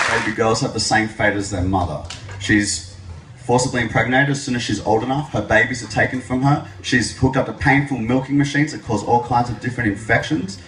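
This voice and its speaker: A young man giving a public speech, telling his story with lively jokes. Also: lowish voice, slight background noise. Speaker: speaker at an event. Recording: echoey hall, mic from a distance.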